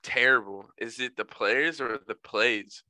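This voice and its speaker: A man's voice: mid-range voice, a little slow, bright, forceful tone, dry recording. A man co-hosting a podcast, chiming in with short, laid-back replies and questions. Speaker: podcast co-host. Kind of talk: casual chat.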